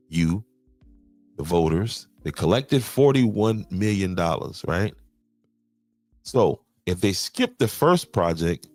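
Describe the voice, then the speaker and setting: Brief: deep-voiced male podcast host, dry close mic, faint music, repeats himself. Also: darkish tone, dry recording. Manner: repeats words, restarts and says "okay" often. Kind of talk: explaining local county finances to viewers.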